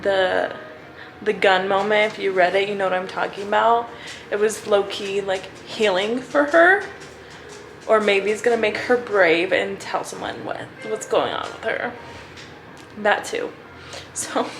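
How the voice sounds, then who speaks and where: A young woman vlogging about her reading in an easygoing, unscripted way. She gushes and rambles, stringing thoughts together with constant fillers. Her voice sits at an everyday middle pitch. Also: fairly bright tone, slight background noise, low-quality recording. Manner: gushing, rambling, many "like" fillers. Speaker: book vlogger. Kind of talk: casual reading vlog chat.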